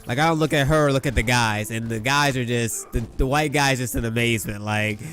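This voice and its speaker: Young male gamer-storyteller, mid-pitch, boastful and profane, low music bed. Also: brisk, a bit bright. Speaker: gaming YouTuber. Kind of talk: casual storytelling over gameplay. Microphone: gaming mic at a desk.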